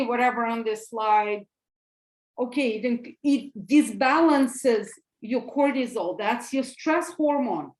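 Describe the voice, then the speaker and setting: A woman's voice: on the high side, echoey room. A woman with a Russian accent giving an earnest online presentation as a physician, repeating her words for emphasis. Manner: slow, earnest, with emphatic repetitions.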